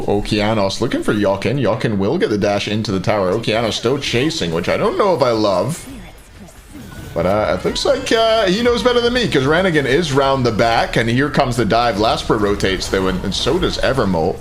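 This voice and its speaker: A man's voice: mid-range voice, big pitch swings, moderate pace. A Scottish man casting a live esports match, joking and chatting with viewers between plays. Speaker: esports caster.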